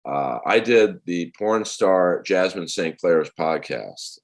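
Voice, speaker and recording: A comedian in his forties, a man telling rambling, animated stories as a podcast guest. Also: deep voice, slow. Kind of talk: casual podcast chat.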